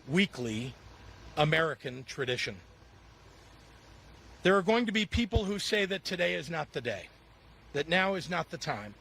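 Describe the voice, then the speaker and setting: A man's voice: fairly high pitch, vocal fry, a bit bright. Emphatic male politician at a podium. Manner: emphatic, measured, repeating for stress. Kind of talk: public speech.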